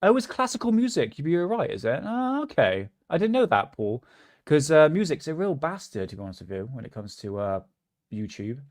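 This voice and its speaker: A man's voice: on the high side, sing-song, fairly quick, darkish tone, no echo, clean studio sound. Man hosting a casual livestream. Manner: chatty, mocking, laughs often. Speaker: livestream host.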